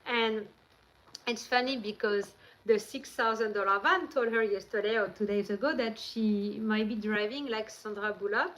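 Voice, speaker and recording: A woman's voice: mid-range voice, moderate pace, fairly bright tone, rough recording. A woman from France with a French accent, hosting a live stream and telling rambling, chatty stories into her handheld phone. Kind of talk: casual live-stream chat.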